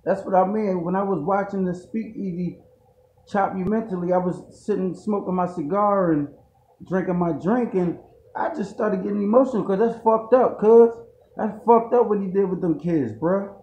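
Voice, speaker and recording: Man putting on a high fake-weepy rant. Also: normal speed, a little mellow, slight background noise, close to an everyday voice. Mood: indignant. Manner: slangy, repetitive, mock-emotional pleading. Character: fake-crying streetwise man, overwrought and defensive. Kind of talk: comedic parody rant. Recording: echoey room, dull lo-fi sound.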